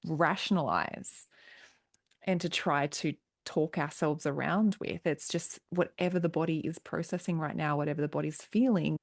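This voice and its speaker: A woman's voice: low voice, steady tone, normal speed, gravelly, hardly any pauses, no room sound, clean studio sound, soft background music. A woman podcast host talking in an empathetic, affirming way during a conversation. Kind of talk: supportive conversational chat.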